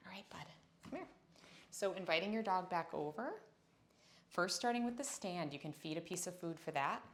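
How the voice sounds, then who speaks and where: A woman teaching a dog yoga class, speaking gently and encouragingly, with frequent praise for her dog. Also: on the low side, expressive, moderate pace, a little hiss or hum. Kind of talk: instructional class talk. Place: indoors on a yoga mat.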